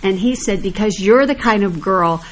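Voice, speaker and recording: Older woman telling a lively anecdote. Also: medium pitch, normal speed. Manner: animated anecdotal storyteller, acts out quoted lines. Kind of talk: casual chat.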